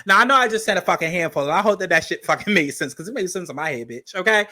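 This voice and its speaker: A high-pitched, bright-toned man delivers opinionated podcast commentary. He is blunt and sassy, swears freely, and stretches words out for emphasis. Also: expressive, very fast. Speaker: podcast host.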